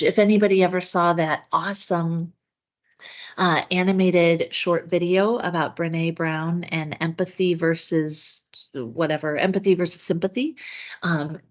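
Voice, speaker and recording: A woman hosting an online family education session, explaining care techniques in an earnest, conversational way with frequent filler words over a video call. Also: fairly low pitch. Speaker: webinar host and dementia care educator. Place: home or office on a video call.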